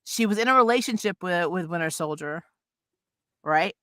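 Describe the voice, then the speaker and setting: A woman with a bright, forceful voice talks casually about comics and films, animated and full of quick asides. The recording is dry and close. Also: lowish voice, no echo. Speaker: podcast co-host.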